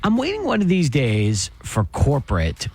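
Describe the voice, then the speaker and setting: A man's voice: mid-range voice, wildly swooping pitch, normal speed, a little mellow, faint music behind. A man joining a morning radio show as a guest from a partner station, telling wry office stories. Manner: storytelling, wry. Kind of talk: casual chat.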